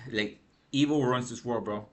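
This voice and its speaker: A man's voice: mid-range voice, unhurried. Tired man ranting casually about games. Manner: rambling, slangy, frequent "bro" and "freaking". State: tired from lack of sleep. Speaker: gaming news vlogger.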